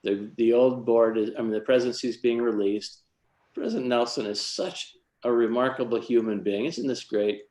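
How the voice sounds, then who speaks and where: A man's voice: medium pitch, normal speed, a little mellow, reverberant. A man who leads a church youth group, telling a personal story in a devotional talk, earnest and lightly self-mocking.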